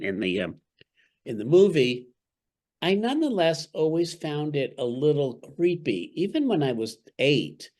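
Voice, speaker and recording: A male author tells his stories in an articulate, wry manner and chuckles now and then. His voice sits at a middle male pitch. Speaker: author, podcast guest. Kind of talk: interview.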